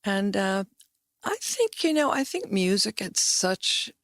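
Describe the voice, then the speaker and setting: A woman's voice: mid-range voice, big pitch swings, slow pace, no room sound, clean studio sound. An older woman guest in a casual chat, playful and wandering, often restarting her sentences.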